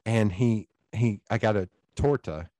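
A man with a Southern East Tennessee accent, hosting a podcast and telling animated stories in casual chat, swearing freely. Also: on the low side, measured pace, no echo. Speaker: podcast host.

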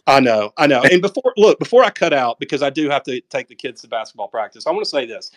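A man's voice: mid-range voice, expressive, quick pace, few pauses. A man with a Southern drawl giving blunt, emphatic market commentary in casual chat over an audio call, full of folksy sayings.

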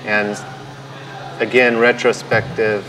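Guy tattooer talking thru a rough memory for a doc, kinda low voice, lots of false starts. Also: little pitch movement, background noise. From United States. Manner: halting, frequent restarts, quotes his own inner voice. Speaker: tattoo artist interviewee. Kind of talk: documentary interview recollection.

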